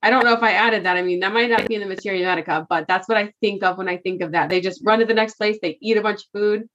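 Speaking fast in a mid-range, fairly bright voice with a steady tone, a woman co-hosts a podcast. Her talk is loose and casual, full of thinking aloud and easy laughter. The audio sounds a bit dull and lo-fi.

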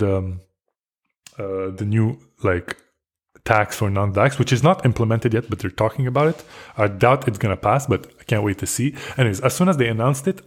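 A young man from Quebec, hosting a podcast and delivering an angry, profanity-laced solo rant full of restarts and repetition. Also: lowish voice. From Quebec, Canada. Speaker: podcast host.

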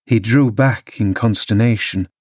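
A man narrating a classic novel as an audiobook, measured storytelling delivery. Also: on the low side, darkish tone, slightly rough, no room sound. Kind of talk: scripted narration.

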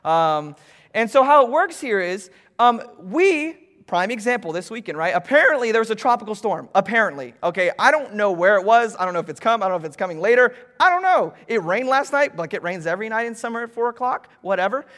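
A man preaching a sermon from a church stage, lively and joking with the congregation between scripture readings. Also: sits high, fast talker, long reverb tail. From Florida, US. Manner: animated, jokey asides to congregation. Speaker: pastor. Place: church stage, large hall.

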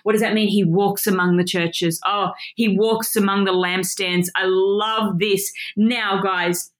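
A woman teaching a Bible study with passion, excited and emphatic, often laughing. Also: mid-range voice, measured pace.

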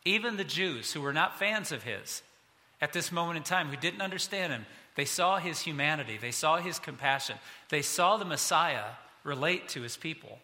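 A man's voice: on the high side, lively intonation, moderate pace, sharp tone. A man in his fifties, a pastor preaching a sermon in a conversational, self-deprecating way. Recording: long hall reverb.

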